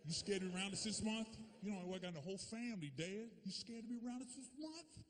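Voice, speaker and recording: A man's voice: sits high, quick pace, a bit bright, big-room sound. A man doing his sassy teenage son. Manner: sassy, insistent. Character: mouthy mixed-race boy talking back to his dad.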